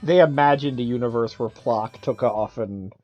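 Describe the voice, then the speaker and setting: A man in a casual game commentary, giggling and dropping quick asides over a dull, lo-fi mic. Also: mid-range voice, no echo, soft background music.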